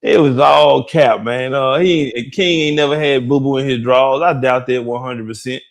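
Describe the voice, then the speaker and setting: A man's voice: medium pitch, normal speed. Laid-back Detroit man gossiping. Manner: laid-back, drawling, laughs often. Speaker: gossip show co-host. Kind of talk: casual gossip chat.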